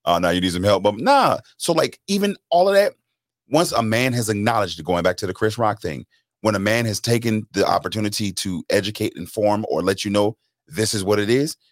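A man's voice: lowish voice, brisk, no echo, studio quality. A man co-hosting a casual discussion, talking in an emphatic, reflective way. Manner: emphatic, reflective, mimics voices. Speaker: co-host.

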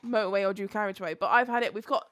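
A woman telling a driving story in casual chat, animated and swearing freely. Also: medium pitch, racing, no echo. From England.

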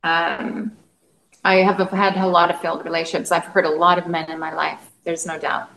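A woman's voice: on the low side, little pitch movement, normal speed, gravelly, fairly bright tone, roomy sound, slight background noise, rough recording. A woman relationship coach, a podcast guest, telling personal stories in an open, heartfelt way. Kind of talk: candid interview talk.

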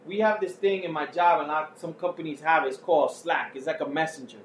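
A man's voice: on the high side, fairly even intonation, fast, reverberant, a little hiss or hum. A man chatting casually over beer on a podcast, telling loose stories with plenty of swearing. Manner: loose storytelling with profanity. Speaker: podcast co-host.

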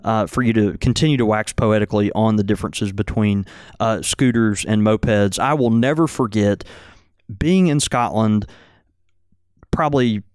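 A man's voice: on the low side, moderate pace, darkish tone, clear, resonant tone, no echo, studio quality. A man co-hosting a casual podcast, rambling through stories with lots of repeated words and fillers. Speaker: podcast co-host, tobacco shop owner. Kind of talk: casual chat.

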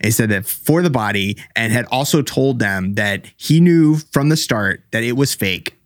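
A man's voice: medium pitch, lively intonation, moderate pace, no echo, studio quality. A man co-hosting a podcast, explaining background details with many fillers in casual chat. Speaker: podcast co-host.

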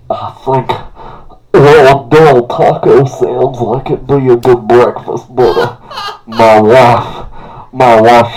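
A man's voice: mid-range voice, a little mellow, close to an everyday voice, poor audio. A man playing a rambling, folksy older diabetic man who keeps laughing at his own bit.

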